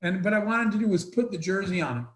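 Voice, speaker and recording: A man's voice: high voice, expressive, quick pace, fairly bright tone, echoey room, rough recording. A man telling an emotional story as a guest speaker in an online Q&A, earnest and rambling with restarts, over a video call.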